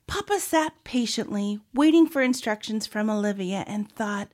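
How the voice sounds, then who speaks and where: A woman reading a children's picture book aloud in an expressive, sing-song way. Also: medium pitch, normal speed, few pauses. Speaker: storybook reader.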